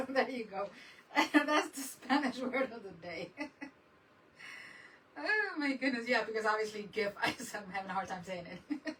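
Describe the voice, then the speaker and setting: A woman's voice: fairly high pitch, fairly bright tone, recorded from a distance, a little hiss or hum, low-quality recording. A woman chatting casually on a crafting livestream, laughing often and mixing Spanish words into her English.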